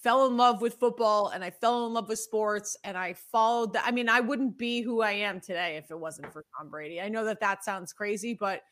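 A woman's voice: medium pitch, brisk, few pauses. A woman in her thirties from New England, hosting a casual podcast chat and telling stories with animation. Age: 30s. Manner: animated storytelling, acts out her past self. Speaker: podcast host.

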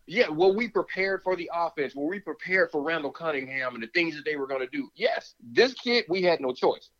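A former football player argues his point emphatically on a sports talk show, his voice on the high side, brisk, fairly bright and full of lively intonation. He repeats words often and talks himself out of breath in the animated argument, caught on lo-fi audio.

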